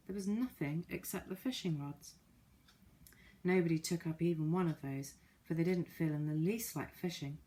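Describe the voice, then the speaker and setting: A woman narrating a children's story in a calm, even storytelling manner. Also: on the low side, moderate pace. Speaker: audiobook narrator.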